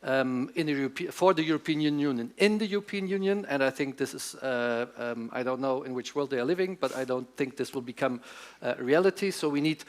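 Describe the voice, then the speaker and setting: A man's voice: mid-range voice, fairly quick, hardly any pauses. Hesitant German-accented man on a panel. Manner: hesitant, many fillers and restarts. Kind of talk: panel debate. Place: conference event hall.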